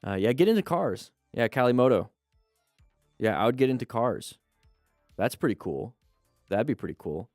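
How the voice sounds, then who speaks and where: A man's voice: mid-range voice, big pitch swings, normal speed, pauses often, a little mellow, dry recording, studio quality, soft background music. A man hosting a casual live stream, chatting to viewers and greeting them as he reads their comments. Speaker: live stream host and riding instructor.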